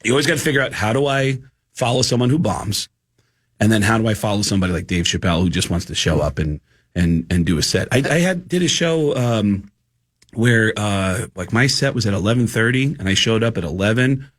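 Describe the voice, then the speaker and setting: A male comedian telling animated, laugh-filled stories in a podcast chat, with a husky voice. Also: fairly low pitch, a little fast. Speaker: comedian guest.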